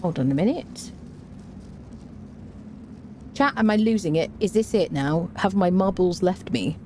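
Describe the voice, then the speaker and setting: Low mellow gamer girl streaming, super animated, chats with chat, hums along. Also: measured pace, a little hiss or hum. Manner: chatty, addresses chat, hums to herself. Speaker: game streamer. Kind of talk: live gameplay commentary.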